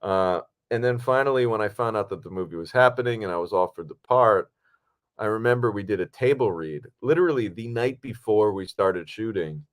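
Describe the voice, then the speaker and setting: A man co-hosting a podcast from home on a video call, telling a relaxed, rambling story with many fillers. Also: fairly low pitch. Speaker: podcast co-host and actor. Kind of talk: casual podcast chat. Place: home, at a computer.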